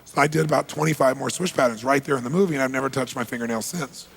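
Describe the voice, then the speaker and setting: A man's voice: mid-range voice, very fast, vocal fry, a bit bright, husky, in a large hall. A man giving a motivational seminar talk, telling stories and quizzing the audience. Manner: storytelling, asks the audience questions. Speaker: seminar speaker.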